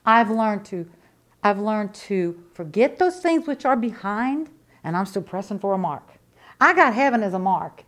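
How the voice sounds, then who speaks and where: A middle-aged woman preaching with a high, bright voice. She is fervent and emphatic, hammering one phrase again and again and firing off rhetorical questions at the congregation. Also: very animated, normal speed. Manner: emphatic and testifying. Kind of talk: sermon.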